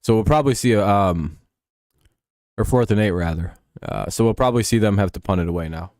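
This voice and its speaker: Man, low-pitched, sleepy, rambling stream commentary, swears, dry recording. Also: a little fast, darkish tone, no echo. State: tired and yawning. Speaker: live stream host. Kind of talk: casual game watch-along commentary.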